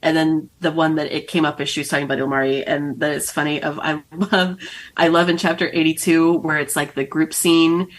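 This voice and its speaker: A woman's voice: low-pitched, level tone, a little fast. A woman author as guest host on a podcast, chatting casually and laughing often as she talks. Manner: emotional, laughs often while talking.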